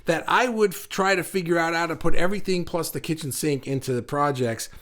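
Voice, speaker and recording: A man hosts an online art group livestream, chatting casually and encouragingly while reading viewer comments. He often restarts sentences and repeats words. His voice is a little high, brisk, and fairly bright.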